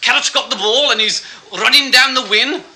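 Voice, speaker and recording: A man's voice: extremely high pitch, a little fast, heavy background noise, voice pushed up. A man impersonating a plummy older male football commentator who drops his g's and exclaims breathlessly. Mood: excitable. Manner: posh drawl, dropped g's, breathless exclamations. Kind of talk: stand-up comedy impression.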